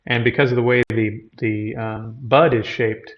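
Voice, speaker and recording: Man, lecturer, storytelling explanation, mid-pitched voice, muffled lo-fi sound. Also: fairly even intonation, a little slow. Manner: storytelling that retells a scripture scene and explains its terms. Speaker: lecturer on Buddhism. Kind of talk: explanatory teaching talk.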